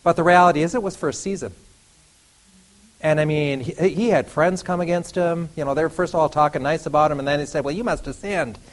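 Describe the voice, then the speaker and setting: A man preaching a sermon, animated, acting out biblical dialogue with laughs and sudden outbursts. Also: on the high side, brisk, rough recording. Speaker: pastor.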